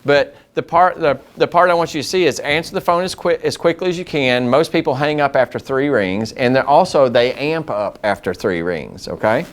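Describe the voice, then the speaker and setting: A man's voice: mid-range voice, normal speed, hardly any pauses. A man giving a customer service training talk to school district staff, telling stories and acting out the dialogue in them. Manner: lively storyteller who acts out dialogue.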